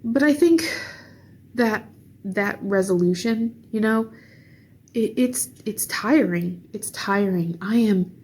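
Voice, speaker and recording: A young woman vents in a casual vlog, tired and weary. Her words come out slowly, with sighs between them. Her voice has a slightly husky edge. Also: medium pitch, a little mellow. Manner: slow, weary, sighing. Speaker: vlogger. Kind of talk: casual venting monologue.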